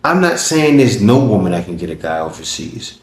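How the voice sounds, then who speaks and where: A man hosting a reaction video, commenting in a casual, animated way and asking rhetorical questions. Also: low-pitched, a little fast, reverberant.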